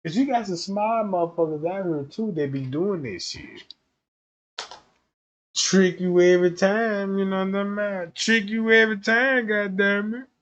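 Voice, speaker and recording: A man hosting a livestream, ranting crudely and loudly for laughs. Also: high voice, moderate pace, muffled recording. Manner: loud, animated, profane, often laughing. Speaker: livestream host. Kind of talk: crude comedic rant.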